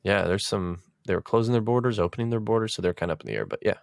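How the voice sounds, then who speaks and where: A young man co-hosting a casual podcast, asking quick teasing questions and joking along. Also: on the low side, lively intonation, vocal fry, dry recording, studio quality. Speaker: podcast co-host. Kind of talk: casual chat.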